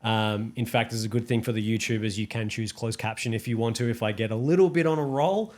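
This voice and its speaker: A man from Australia with an Australian accent, co-hosting a podcast in a relaxed, joking, enthusiastic chat. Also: on the low side, quick pace. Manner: enthusiastic, joking, says mate. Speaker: podcast co-host. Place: in-person studio.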